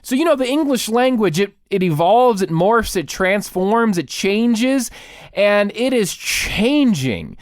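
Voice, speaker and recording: A man's voice: high-pitched, sing-song, slow pace, no echo. A man hosting a podcast, delivering a comic rant with exaggerated mock panic. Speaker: podcast host.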